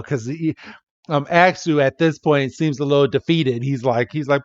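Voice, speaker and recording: A man's voice: a little high, no room sound, lo-fi sound. A man co-hosting a podcast, recapping a cartoon episode in casual chat and briefly mimicking the characters as he goes. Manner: animated retelling with quick impressions of characters. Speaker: podcast co-host.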